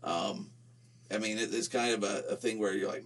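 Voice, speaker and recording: A man's voice: fairly low pitch, moderate pace. A man from Utah co-hosting a podcast, chatting casually in a playful, teasing way as he tells stories. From Utah, USA. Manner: playful, teasing, lively storyteller. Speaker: podcast co-host. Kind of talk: casual chat.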